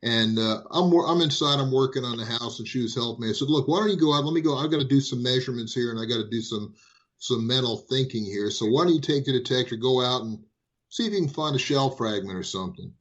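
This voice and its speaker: A man telling hobby stories in casual chat, lively and full of restarts. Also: medium pitch, fast, lo-fi sound. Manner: animated, repeats and restarts phrases. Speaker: guest. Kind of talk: casual storytelling.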